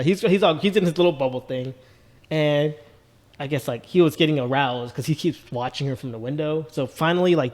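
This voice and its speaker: A man co-hosting a podcast, telling a story in rambling casual chat with lots of "like" and "dude". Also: mid-range voice. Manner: rambling, many restarts and "like", "dude". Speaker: podcast co-host.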